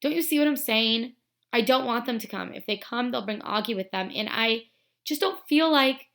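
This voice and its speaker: A woman's voice: fairly high pitch, moderate pace, a bit bright. A woman reading aloud and voicing a teenage girl who is defensive and tearful. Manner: tearful, pleading.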